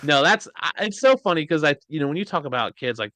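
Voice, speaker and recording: A man hosting a podcast in a casual chat, telling stories in an animated way and acting out quotes. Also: a little high, quick pace, no room sound. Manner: animated storyteller, acts out quotes. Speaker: podcast host.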